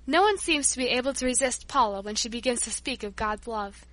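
Brief: a soft, motherly storybook woman, gentle and hesitant, read by a woman, bright tone. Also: on the high side, lively intonation, fairly quick, no room sound, poor audio.

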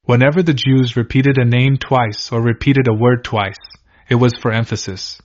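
A man delivers a sermon, working through scripture in a steady, earnest teaching voice and putting questions to his listeners. His pitch sits in the middle range. The recording sounds dull and lo-fi. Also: moderate pace. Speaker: preacher.

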